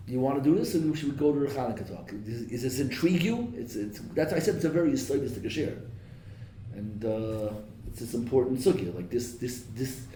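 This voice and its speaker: A rabbi teaching a Torah class to a live room. He peppers his listeners with questions and sprinkles in Hebrew and Yiddish terms. His voice is dark and mellow, and it is caught from across an echoey room with a faint hum behind it. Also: fairly low pitch. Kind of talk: lively Torah class lecture. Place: classroom or study hall with a live audience. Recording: echoey room, mic at a distance.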